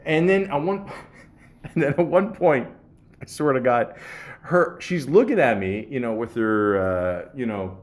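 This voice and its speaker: A man's voice: medium pitch, unhurried. A man hosting a podcast, telling a story casually with laughs, swearing and many restarts. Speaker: podcast host.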